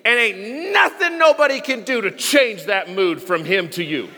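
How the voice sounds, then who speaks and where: Pastor, male, high bright voice, emphatic chanting and shouting, long church reverb. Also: animated, normal speed. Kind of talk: sermon. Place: church sanctuary.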